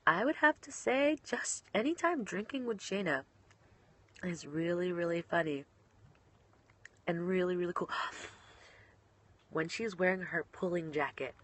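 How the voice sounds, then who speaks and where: A woman's voice: lowish voice, animated, measured pace, long pauses, fairly bright tone. A young woman, a professional wrestler, chatting casually while answering online questions, bubbly and giggly and often trailing off mid-sentence.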